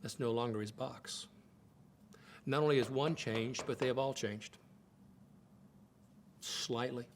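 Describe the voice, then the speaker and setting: A man's voice: medium pitch, fairly even intonation, slow pace, long pauses, slight background noise. An older man giving a folksy, conversational teaching talk at a Bible college, often repeating words as he thinks aloud.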